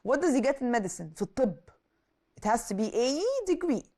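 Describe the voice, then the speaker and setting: Lively woman teaching English. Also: on the high side, quick pace, slightly rough. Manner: switches into Arabic to translate words; asks questions and answers them herself. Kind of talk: explaining a lesson.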